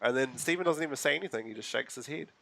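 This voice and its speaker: A man co-hosting a podcast, recapping an episode in animated casual chat full of fillers. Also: medium pitch, racing, creaky, no echo. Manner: animated storytelling with many fillers. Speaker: podcast co-host.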